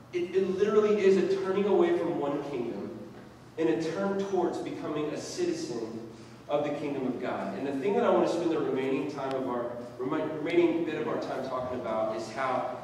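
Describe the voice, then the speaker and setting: Conversational preacher in an echoey hall. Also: male voice, on the high side, recorded from a distance, slight background noise. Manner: conversational storytelling, animated. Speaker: pastor. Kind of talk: sermon with personal story. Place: church hall.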